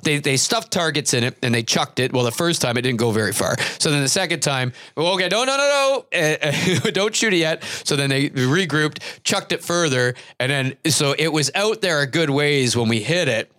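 A young adult man chatting on a podcast with a bright, forceful voice that sits a little high. He tells stories with quick, rambling asides, recorded close and dry. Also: no room sound. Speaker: podcast co-host. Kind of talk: casual chat.

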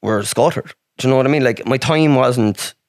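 A man's voice: medium pitch, moderate pace, no echo, clean studio sound. An Irish man from Ireland, a podcast guest telling a story in a rambling way, with heavy swearing and lots of "like". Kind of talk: casual storytelling.

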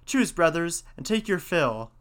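A man's voice: on the high side, big pitch swings, unhurried, fairly bright tone, clean tone. A man voicing a bold, cheerful young hero in a storybook reading, eager and commanding.

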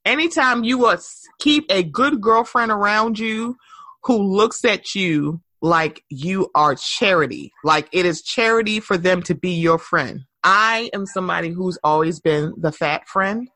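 Animated, bright-voiced woman chatting frankly. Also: measured pace, no room sound, clean studio sound. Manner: animated, laughing, frank and profane, breaks into high mocking voices for quotes. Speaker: podcast co-host. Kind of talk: casual chat.

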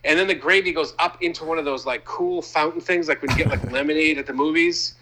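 A man's voice: on the high side, quick pace, noisy background. A man from Maine, co-hosting a casual comedy chat, rambling and riffing on absurd bits with plenty of swearing.

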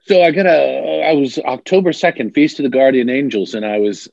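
A man, a bishop, telling stories as an interview guest, animated and self-mocking, laughing often. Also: medium pitch, brisk, creaky, dry recording. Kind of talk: casual storytelling in an interview. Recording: dry, dull lo-fi sound.

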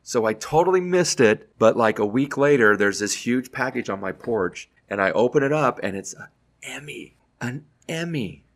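A middle-aged man, a radio host, telling casual anecdotes in an animated way and acting out other people's lines. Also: mid-range voice, moderate pace, gravelly. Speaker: radio host telling his career story.

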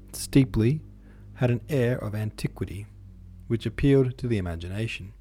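A man reading a classic novel aloud in a measured, literary way. His voice is low, mellow and relaxed. He narrates steadily as a podcast host. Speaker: podcast host and audiobook reader.

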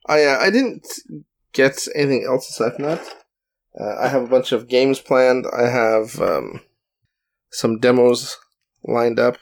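A man with a gravelly, creaky voice talks in a loose, rambling way. He pokes fun at himself and often restarts his sentences. It sounds like a casual chat between friends. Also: mid-range voice. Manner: rambling, self-deprecating, many restarts. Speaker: podcast co-host.

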